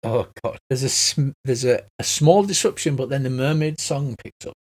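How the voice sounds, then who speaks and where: A man running a tabletop game as game master, talking in a relaxed way with lots of fillers. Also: medium pitch, normal speed. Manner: relaxed, hesitant with many fillers.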